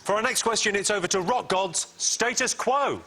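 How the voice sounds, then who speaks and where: Deadpan man hosting a comedy quiz. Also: high voice, normal speed. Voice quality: deadpan, dry one-liners. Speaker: quiz show host. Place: TV studio with live audience. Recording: studio with clear audience laughter.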